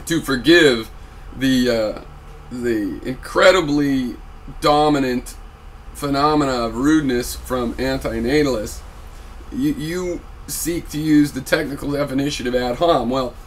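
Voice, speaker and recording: A man's voice: fairly high pitch, a bit bright, a little hiss or hum. A man giving a casual spoken video reply, rambling with many fillers and restarts and growing heated and argumentative. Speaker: video blogger.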